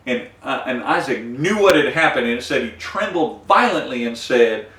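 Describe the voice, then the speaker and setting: A man teaching a Bible study, retelling scripture in a folksy, animated way, acting out the dialogue with many fillers. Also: mid-range voice, normal speed, reverberant, distant mic, slight background noise.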